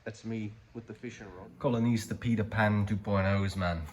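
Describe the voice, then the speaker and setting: Male comic vlogger, slangy and rambling, lowish voice, light background hiss. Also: level tone, normal speed, hardly any pauses. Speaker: comedy vlogger. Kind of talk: joking monologue to camera.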